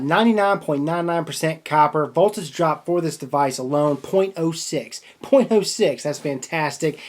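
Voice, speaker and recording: A man reviewing a product and telling a funny story first, animated and jokey, laughing often and jumping up in pitch for emphasis.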